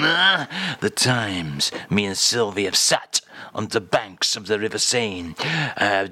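A man voicing a suave, lecherous Frenchman with an exaggerated fake French accent, speaking slowly and low. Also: vocal fry, bright, forceful tone, no room sound, heavily acted. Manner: slow, low, languid and smug. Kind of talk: comedy radio sketch.

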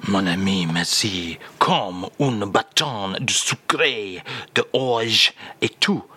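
A man voicing a suave, wistful middle-aged Frenchman with a mock French accent, speaking in a slow, dreamy, low croon for a comedy radio sketch. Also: lively intonation, pushed and bright, slightly rough, full character voice.

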